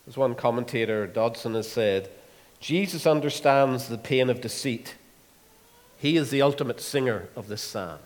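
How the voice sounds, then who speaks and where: A man preaching an expository sermon, earnest and unhurried, often pausing with fillers as he reads scripture. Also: medium pitch, in a large hall. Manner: earnest, with many pauses and fillers.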